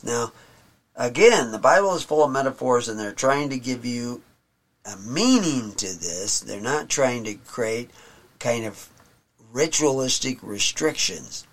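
A man teaching from the Bible, reading verses slowly and solemnly and then explaining them in plain talk. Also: medium pitch, lively intonation.

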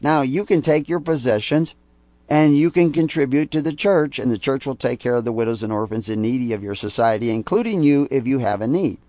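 A man's voice: medium pitch, darkish tone, no echo. Older man preaching, close dry sound. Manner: rambling, emphatic on key words. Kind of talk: sermon-style teaching talk.

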